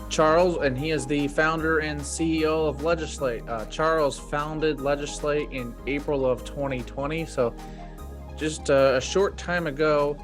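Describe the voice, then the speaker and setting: A man from the United States hosting a podcast interview, talking casually with frequent fillers and restarts. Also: on the high side. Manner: relaxed, filler-heavy delivery. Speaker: podcast host.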